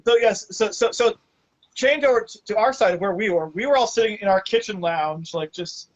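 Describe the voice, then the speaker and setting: Animated podcast host, slightly dull recording. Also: medium pitch, a little fast. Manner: animated, laughing through the telling. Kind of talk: casual storytelling.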